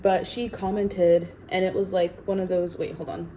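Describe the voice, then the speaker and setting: A woman actor chatting casually while baking in her home kitchen, sassy and full of "like" fillers, in a tired, lower sleepy voice. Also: flat delivery, normal speed, mellow, slight background noise, low-quality recording.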